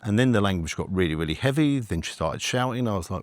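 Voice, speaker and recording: A man, a food reviewer, telling a story in an animated way and acting out conversations. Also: lowish voice, fast, few pauses, no echo. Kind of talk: storytelling vlog.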